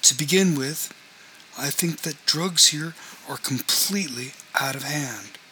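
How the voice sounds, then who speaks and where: A man's voice: on the high side, unhurried, sharp tone, slight background noise, poor audio. A man reading a novel aloud, voicing a confrontational man who lays down rules for his housemates in a firm, demanding way.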